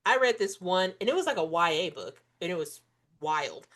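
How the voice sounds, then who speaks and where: A woman's voice: lowish voice, very animated, moderate pace, fairly bright tone. A young adult woman hosting a book podcast, chatting casually and acting out quoted dialogue. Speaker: podcast host. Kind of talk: casual chat.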